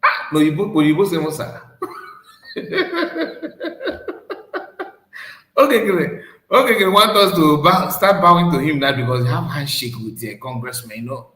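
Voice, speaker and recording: A man's voice: a little high, expressive, normal speed, sharp tone, reverberant, poor audio. A man with a Nigerian accent hosting a reaction commentary, laughing often, repeating himself and switching into Igbo. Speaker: commentary host.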